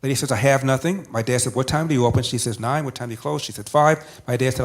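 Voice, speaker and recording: An older man tells a personal story at an even, mid pitch. He builds his points through emphatic repetition, in the manner of a talk show guest. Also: fast talker, few pauses.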